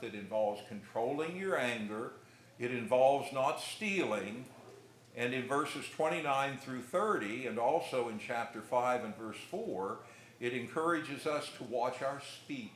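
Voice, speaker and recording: A middle-aged man preaching a sermon in a church, telling folksy stories with pauses and restarts. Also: medium pitch, lively intonation. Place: church hall. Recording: echoey room with faint noise.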